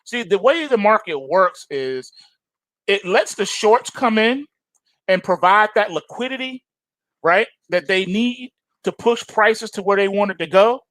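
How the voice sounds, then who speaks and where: A man's voice: high-pitched, unhurried, dry recording. A male trading show host giving emphatic, slangy market commentary to his viewers, insistent and repetitive. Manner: animated and insistent, repeats phrases for emphasis; slangy, addresses viewers as folks.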